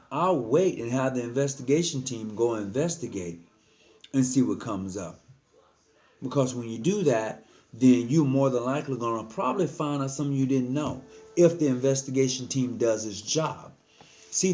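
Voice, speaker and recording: A man's voice: medium pitch, warm tone. An earnest man talking casually to the camera, giving frank advice as a lodge member, often repeating himself and slipping into slang.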